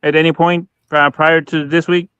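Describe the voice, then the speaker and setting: A man chatting casually on a livestream as co-host, halting and restarting his sentences often. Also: on the high side, flat delivery, sharp tone, smooth, dry recording, highs cut off.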